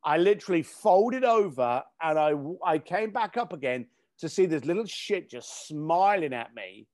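A man's voice: on the high side, normal speed, no echo, clean studio sound. Guy on a podcast, big swoopy emphatic storytelling, drops the odd swear. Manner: animated, emphatic, swears casually. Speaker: podcast guest, speaker and coach.

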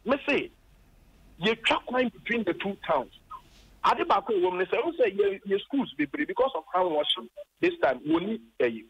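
A Ghanaian man phones in to a radio talk program, indignant and passionate as he relays his quarrels with officials. His voice sits high and swings widely in pitch. It comes through husky and dry, flattened by a muffled phone line. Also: normal speed, no echo. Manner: impassioned, indignant, retelling arguments. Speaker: caller, former district chief executive.

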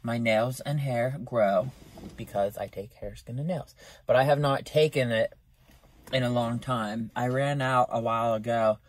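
Chatty young man ranting in a vlog. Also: a little slow. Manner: chatty, self-mocking, animated pitch jumps. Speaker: vlogger. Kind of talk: casual vlog rant. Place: in a car outside a store. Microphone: phone camera.

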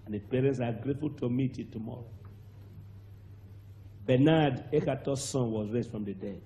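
A man with a Nigerian accent preaching a sermon, telling a testimony with animated acted-out voices and sudden shouts. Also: medium pitch, moderate pace, slight background noise. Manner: animated storyteller, acts out voices, bursts into shouts and laughter.

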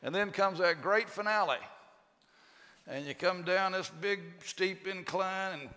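A man's voice: high-pitched, a little slow, pushed and bright. A middle-aged man preaching a sermon as pastor, telling stories in a conversational way and asking rhetorical questions. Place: church sanctuary. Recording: long hall reverb.

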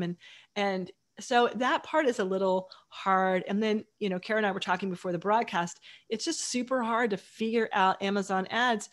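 A woman author as a guest, chatting casually and enthusiastically in long run-on sentences. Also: mid-range voice. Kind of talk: casual chat.

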